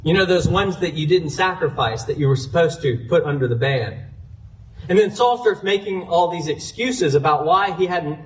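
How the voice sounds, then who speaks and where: A man's voice: fairly high pitch, moderate pace, far from the mic, slight background noise, rough recording. A man preaching a sermon, retelling a scripture story earnestly and citing chapter and verse as he goes. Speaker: pastor.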